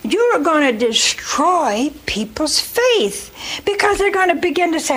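A woman's voice: sits high, expressive, moderate pace, fairly bright tone, low-quality recording. A woman preaching a sermon, retelling scripture with folksy asides and acted-out voices for the congregation.

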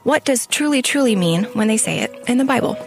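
A woman reading a polished, scripted podcast announcement at a brisk pace. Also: a little high, lively intonation, vocal fry. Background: music.

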